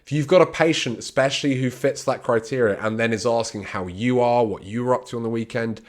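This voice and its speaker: A man's voice: medium pitch, fairly quick. A chatty, extroverted man giving an informal talk on handling patients, candid and personal, acting out patient replies as he goes. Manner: conversational, acts out patient replies in quoted voices. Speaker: clinical communication trainer. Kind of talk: informal teaching talk to camera.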